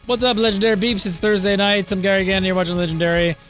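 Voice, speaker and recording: A young man hosting a casual chat show, joking and playful, with a lively voice. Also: sits high, soft background music. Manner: joking, playful, fast talking. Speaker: host.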